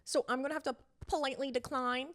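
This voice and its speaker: A woman's voice: sits high, fairly even intonation, quick pace, a bit bright. A young woman in her twenties co-hosting a podcast, talking candidly about dating, swearing and poking fun at herself. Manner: candid, swearing, self-mocking. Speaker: podcast co-host. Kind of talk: casual chat.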